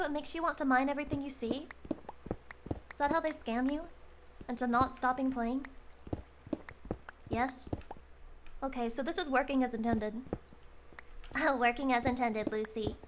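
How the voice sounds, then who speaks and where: A young woman streaming a game, chattering excitably to her chat, swearing freely and breaking into loud outbursts. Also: high voice, normal speed, a little hiss or hum. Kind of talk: casual live-stream chatter while playing a game.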